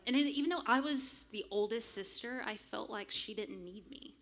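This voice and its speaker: A woman, telling a humorous personal story live on a club stage into a microphone, lively and self-mocking with frank swearing. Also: a little high, moderate pace, a little hiss or hum. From small town in Arkansas, US. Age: late 30s. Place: stage of a small music club. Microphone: stage microphone fed straight from the soundboard.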